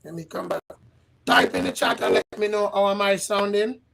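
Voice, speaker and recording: A man hosting a livestream who talks in a halting, repetitive way and keeps asking his audience questions. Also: high voice, creaky, background noise. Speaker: livestream host. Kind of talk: casual livestream chat. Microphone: livestream setup.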